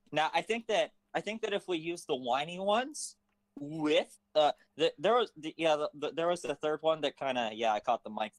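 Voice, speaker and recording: A man's voice: on the high side, animated, moderate pace, no echo, rough recording. Man directing a voice session, rambling, fillers, dry close sound. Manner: hesitant, rambling with many fillers. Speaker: writer and director. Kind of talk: casual directing chat. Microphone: phone.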